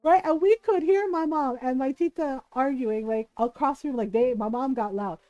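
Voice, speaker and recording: A woman streaming live, chatting casually with her viewers as she tells a family story, animated and quick to laugh. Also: sits high, no room sound, dull audio. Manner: animated, laughs often, acts out quotes.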